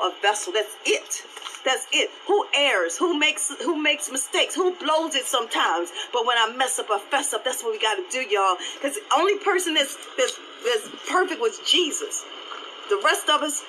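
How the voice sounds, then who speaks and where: A woman pastor giving an animated, live-streamed devotional talk, repeating her phrases and laughing often. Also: on the high side, a little hiss or hum, poor audio.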